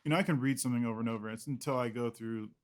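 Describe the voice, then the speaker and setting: A man's voice: mid-range voice, fairly even intonation, rapid-fire. A man, an illustrator guest in an interview, talking casually in a rambling, self-deprecating way with frequent laughs.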